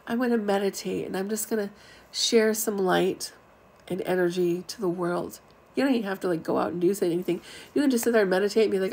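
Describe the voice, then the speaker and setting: A woman's voice: mid-range voice, fairly quick, a little mellow, breathy edge, rough recording. A middle-aged woman giving a frank, chatty spiritual talk to online viewers, with casual asides. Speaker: spiritual teacher. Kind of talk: live-streamed spiritual talk.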